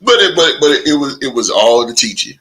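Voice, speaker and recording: A man hosting a podcast, telling stories in a casual chat with animated delivery and big laughs. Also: medium pitch, low-quality recording. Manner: animated storytelling, drawn-out laughs. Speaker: podcast host.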